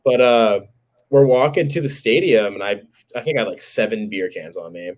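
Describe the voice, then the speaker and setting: A man's voice: on the low side, moderate pace. A man in his twenties from New Jersey, telling a joking, swear-laden anecdote as a podcast co-host. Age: 20s. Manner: animated, joking storyteller who swears casually.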